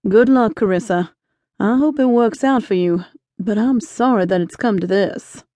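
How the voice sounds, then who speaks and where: A woman reading an audiobook, voicing a kindly, cautious older male shopkeeper in a gentle, fatherly way. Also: mid-range voice, moderate pace, no echo, studio quality, voice pushed down, close to an everyday voice.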